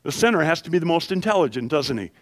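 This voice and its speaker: A man preaching a sermon as pastor, questioning his congregation and explaining scripture with lively energy. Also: fairly high pitch, fast talker. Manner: animated, asks the congregation questions.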